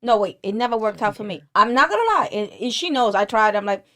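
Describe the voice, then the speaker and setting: A woman in her forties in a casual podcast chat, talking animatedly and quoting people in a raised voice. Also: fast talker. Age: 40s. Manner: animated, quotes people in a high voice. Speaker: podcast guest.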